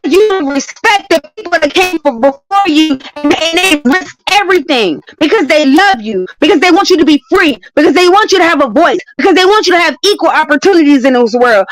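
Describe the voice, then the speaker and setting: Heated, profane high-voiced woman arguing. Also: expressive, a little fast, hardly any pauses, fairly bright tone, faint music behind, poor audio. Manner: confrontational, profane, emphatic repetition. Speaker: debating guest. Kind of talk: heated live-stream argument.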